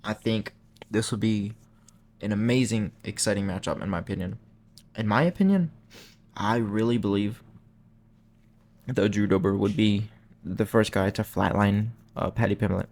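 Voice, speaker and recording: A man's voice: lowish voice, flat delivery, normal speed, pauses often, a little mellow. A young man hosting a channel, talking in a casual, rambling way that is full of slang and self-corrections. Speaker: MMA channel host. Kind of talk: casual chat.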